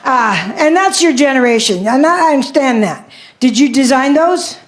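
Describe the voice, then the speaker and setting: A woman's voice: high-pitched, lively intonation, normal speed. Blunt, salty woman comic in her seventies. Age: 70s. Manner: blunt, salty, repeats herself for emphasis. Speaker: stand-up comedian. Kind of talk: stand-up routine with crowd work. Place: comedy club stage. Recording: loud audience laughter.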